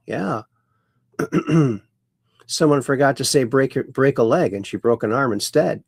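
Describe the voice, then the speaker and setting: A man's voice: mid-range voice, slow, creaky, a little mellow, no echo, clean studio sound. A man hosting a casual livestream, chatting in a folksy way and reading viewer comments aloud with playful wordplay. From Ireland. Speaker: show host reading live chat.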